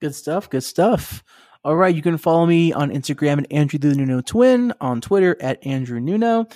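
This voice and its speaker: A young male podcast co-host who talks with a lively, swooping pitch and laughs often. His chat rambles along casually, and the recording is close and dry. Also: normal speed, no echo.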